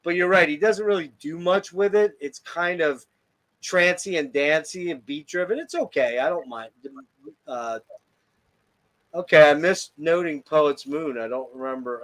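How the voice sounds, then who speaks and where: In a casual music chat, a podcast host with a somewhat high, slightly bright voice reviews an album. He's eager and profane, gushing about each track.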